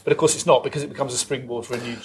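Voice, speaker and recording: A man's voice: mid-range voice, fairly even intonation, very fast, faint music behind. A man interviewing an author at a live event. He asks long, winding questions in an academic style. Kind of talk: onstage interview. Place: live event venue with an audience.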